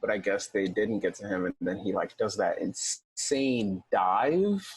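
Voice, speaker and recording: A man's voice: lowish voice, expressive, a little slow, husky, no room sound, rough recording. A man co-hosting a film podcast, talking casually and animatedly, often acting out scenes with quoted lines. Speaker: podcast co-host.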